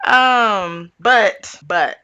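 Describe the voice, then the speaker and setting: A woman giving a chatty, animated tarot reading to her viewers. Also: medium pitch, drawn-out words, clear, resonant tone, highs cut off. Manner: animated, chatty, addresses viewers as y'all and honey child. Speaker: tarot reader. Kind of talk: casual tarot reading commentary.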